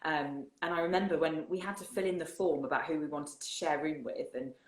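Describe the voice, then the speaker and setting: A woman's voice: low-pitched, brisk, roomy sound. A woman from England with an English accent, chatting casually as a guest and laughing often. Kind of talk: casual chat. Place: home in the countryside.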